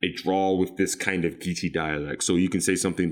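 A man's voice: low-pitched, fairly even intonation, normal speed, few pauses. A man from South Carolina, a podcast guest, talking casually and rambling, with frequent laughs. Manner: laid-back, rambling, laughs often.

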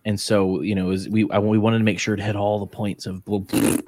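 A man's voice: on the low side, little pitch movement, fast, warm tone, no room sound, studio quality. Joking, loose male podcast host. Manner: jokey, loose, rambling. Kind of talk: casual podcast chat.

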